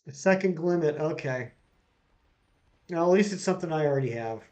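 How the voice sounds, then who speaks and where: A man's voice: a little high, expressive, brisk, darkish tone, muffled recording. A man running a casual live stream, reading out jokes from chat and greeting viewers by name as he plays.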